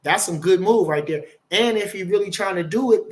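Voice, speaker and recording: High-voiced swearing boxing talker. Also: male voice, lively intonation, moderate pace. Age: older. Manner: swearing, rambling, emphatic, reads chat aloud. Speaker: boxing channel host. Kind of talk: casual live-stream commentary.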